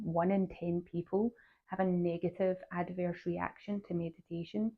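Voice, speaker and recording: A woman hosting her own podcast, talking earnestly and encouragingly straight to her listeners. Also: lowish voice. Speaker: podcast host and health coach. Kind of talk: solo podcast talk. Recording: tinny phone-like sound.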